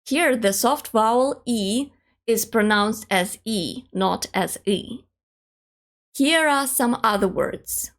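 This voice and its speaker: A woman teaching an online language lesson, demonstrating pronunciation slowly and carefully. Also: a little high, expressive.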